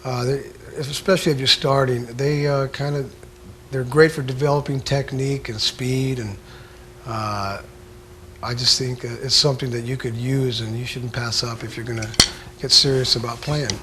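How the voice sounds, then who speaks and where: A man giving a casual drum lesson, talking in a laid-back, halting way full of filler sounds. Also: medium pitch, steady tone, pushed and bright, a little hiss or hum. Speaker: drum instructor. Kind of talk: casual instructional talk.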